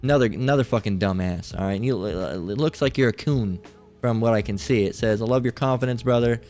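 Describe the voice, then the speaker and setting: A man's voice: on the low side, darkish tone. Profane, mocking man with faint music. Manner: preachy, drawn-out emphasis. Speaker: religious channel host. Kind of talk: reading and rebutting viewer comments.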